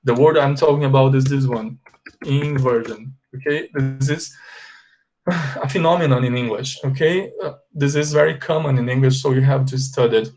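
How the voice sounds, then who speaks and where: Brazilian man teaching English slowly. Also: medium pitch, fairly even intonation. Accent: Brazilian Portuguese. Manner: explains slowly, stretches example words, checks in with "ok?". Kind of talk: bilingual classroom lesson. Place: classroom with a board.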